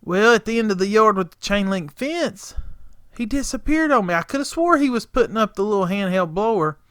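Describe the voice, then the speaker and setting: A man with a drawl tells his viewers a story in a casual, folksy way. His voice sits high and sounds bright and crisp, recorded close and dry with no room echo. He acts out both sides of every exchange with gusto. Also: expressive, brisk. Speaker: lawn care business owner, channel host.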